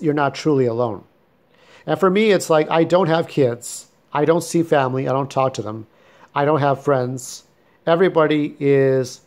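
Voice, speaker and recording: A man talks alone late at night in a blunt, bitter, profane monologue. His voice sits at an ordinary mid pitch. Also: darkish tone. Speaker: vlogger. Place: at home at night.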